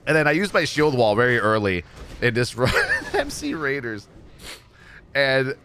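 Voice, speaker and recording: A man streamer casually recounting a gaming event, animated and jokey, acting out what others said. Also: mid-range voice, measured pace, slight background noise. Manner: animated, jokey storytelling with mimicked quotes. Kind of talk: casual gameplay commentary.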